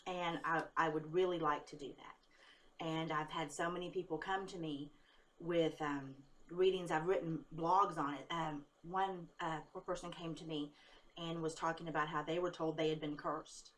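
A woman psychic talking casually to her viewers after a long workday. Her voice is tired and a little low. She rambles and speaks candidly, laughs easily, and swears when she gets angry. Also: fairly even intonation, normal speed, fairly bright tone, a little hiss or hum. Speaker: psychic vlogger. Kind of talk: casual talk to camera.

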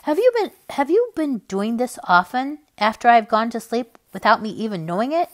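A curious, earnest young boy asks his father question after question, his voice raised and bright with eagerness, as a woman reading a storybook aloud plays him. His speech bounces lively up and down. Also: on the high side, moderate pace.

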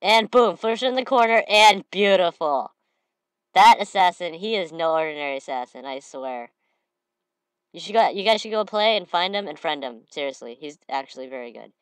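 Excitable woman commenting on her gameplay. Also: on the low side, normal speed, clean tone, dry recording. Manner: excitable, bursts into shouted trash talk. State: slightly sniffly from a cold. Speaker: gamer.

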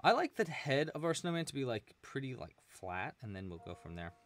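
A man at a middle pitch gives a relaxed, chatty live crochet lesson. He talks his way through each step and counts stitches out loud while he works. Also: fairly quick. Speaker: crochet instructor.

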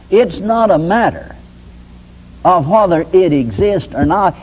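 Husky-voiced older preacher, lively pitch. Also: male voice, poor audio. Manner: folksy, conversational preaching with homespun examples. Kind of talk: sermon teaching.

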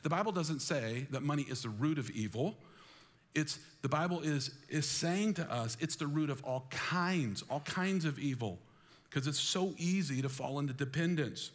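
A man preaching a sermon with high energy, calling on the congregation to join in and repeating phrases for emphasis. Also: normal speed. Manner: energetic, calls on the congregation to respond. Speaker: pastor. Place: church sanctuary.

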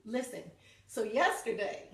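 A woman's voice: a little high, big pitch swings, a little slow, distant mic. A bubbly, talkative woman co-hosting a casual live morning chat from her home. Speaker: co-host of a live morning church talk. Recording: echoey room.

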